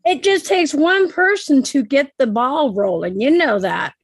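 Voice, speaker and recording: A woman's voice: high voice, animated, unhurried, no room sound. A woman from Oregon hosting a casual livestream chat, talking in loose restarts and laughing often. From Oregon, USA. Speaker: livestream host.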